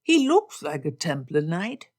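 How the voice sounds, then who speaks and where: A jovial young gentleman who calls out loudly and teases everyone around him, played by a woman reading an audiobook. His voice is pitched up and keeps bursting into exclamations. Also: very animated, a little slow, exaggerated voice. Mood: incredulous. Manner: loud, teasing and exclamatory. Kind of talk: audiobook character voice.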